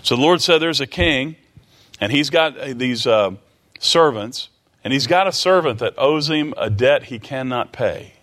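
A man's voice: medium pitch, animated, a little slow, fairly bright tone. Man preaching a dramatic sermon. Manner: expository preaching, retells scripture with pleading dramatic quotes; asks the listeners rhetorical questions.

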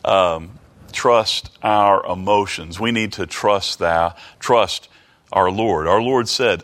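Halting preacher man asking questions. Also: fairly low pitch, a bit bright. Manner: halting, asks the listeners many rhetorical questions; reads King James scripture aloud. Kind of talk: Bible study sermon.

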